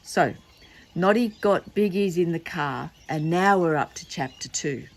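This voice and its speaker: An older woman, working as a storyteller, reads a children's book aloud in a lowish voice at a measured pace. She is chatty and playful, tossing asides to the listener.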